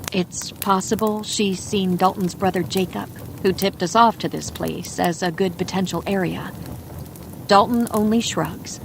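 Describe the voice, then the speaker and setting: A woman reads a bedtime mystery story in a calm, soft voice at a mid pitch. She takes her time over every sentence, and a faint hiss of background noise sits under the narration. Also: unhurried, gravelly. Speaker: audiobook narrator.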